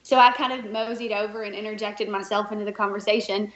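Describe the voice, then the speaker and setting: A woman co-hosting a talk show, telling a story in a casual, animated way and laughing often. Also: mid-range voice, fast. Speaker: podcast co-host and race director. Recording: echoey room, dull lo-fi sound.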